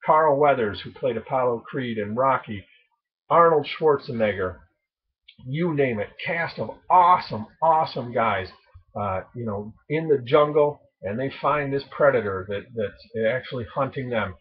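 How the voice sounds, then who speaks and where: A man's voice: medium pitch, expressive, normal speed, muffled recording. A man vlogging casually about his favorite movies, rambling and enthusiastic with many fillers. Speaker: prepping channel vlogger. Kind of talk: casual movie list chat.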